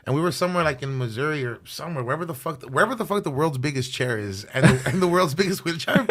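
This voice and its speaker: A man in his thirties from California, a guest musician telling road stories in a relaxed, slangy podcast chat and dropping in Spanish words. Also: medium pitch, rapid-fire. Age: 30s. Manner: animated storyteller, slangy, mixes in Spanish words.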